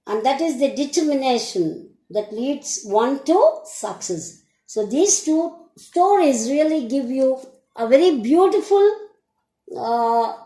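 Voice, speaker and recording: Slow high-voiced woman teaching a class. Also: a little mellow, reverberant, poor audio. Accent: Indian English. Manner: slow, deliberate, asks the class questions. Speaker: English teacher. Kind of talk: classroom lesson recording.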